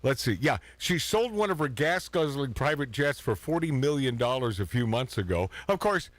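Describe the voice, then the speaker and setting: A man's voice: mid-range voice, lively intonation, moderate pace, no room sound. A man hosting a casual talk radio show, sarcastic and laughing at his own jokes.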